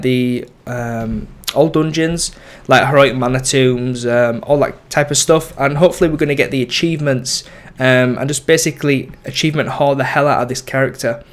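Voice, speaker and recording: A young man chats casually about his game character. His voice sits at an ordinary middle pitch. He rambles, trails off, and corrects himself as he goes. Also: steady tone, moderate pace, hardly any pauses. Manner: rambling, lots of ums and self-corrections. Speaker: gaming YouTuber. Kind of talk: casual gameplay commentary.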